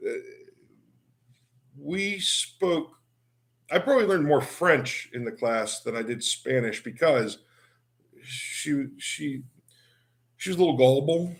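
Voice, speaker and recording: A man's voice: fairly high pitch, expressive, takes it slowly, pauses often. Rambling man with a Pittsburgh accent. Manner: rambling, laughs while telling stories. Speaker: co-host. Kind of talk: casual storytelling.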